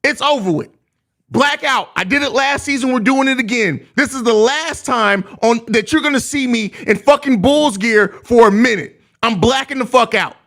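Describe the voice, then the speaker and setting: Man, young adult, Chicago accent, podcast host, profane heated rant, high voice. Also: normal speed, a bit bright. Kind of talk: live postgame rant.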